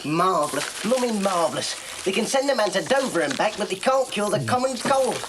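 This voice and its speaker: A woman's voice: mid-range voice, very animated, brisk, noisy background, close to an everyday voice. A woman doing a dry, sardonic character.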